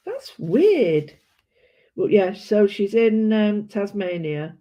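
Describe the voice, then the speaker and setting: A woman's voice: medium pitch, very animated, slow, mellow. A British woman chatting casually and rambling while she colours, often correcting herself. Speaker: art vlogger. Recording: dull lo-fi sound.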